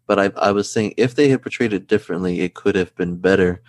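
Male host, low voice, dry close mic, chatty and excitable. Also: quick pace, no room sound. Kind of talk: casual podcast chat.

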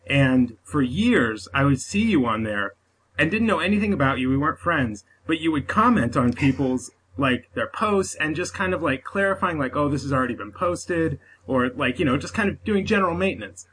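A man's voice: a little high, normal speed, husky, low-quality recording. A man guesting on a podcast, talking in a chatty, joking way with lots of "like". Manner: chatty, animated, says "like" often, jokey. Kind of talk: casual chat. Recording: faint background noise.

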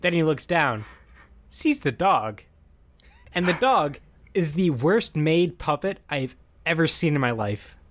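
A man's voice: on the high side, sing-song, unhurried. A man co-hosting a casual podcast, animatedly retelling a film's plot, acting out quoted lines and laughing often. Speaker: podcast co-host recapping a film. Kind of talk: casual chat.

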